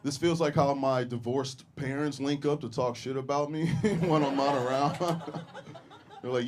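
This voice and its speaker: A young man working a comedy club stage into a handheld mic, speaking at an ordinary mid pitch. His delivery is crude and deadpan, broken by his own chuckles, with a faint hiss of noise behind him. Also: unhurried. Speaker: stand-up comedian. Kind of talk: stand-up comedy set.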